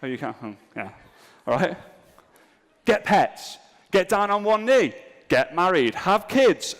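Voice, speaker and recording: Male seminar speaker, jokey and self-mocking, animated delivery, reverberant venue. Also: high-pitched, unhurried. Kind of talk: comedic live seminar talk. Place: event room with a live audience.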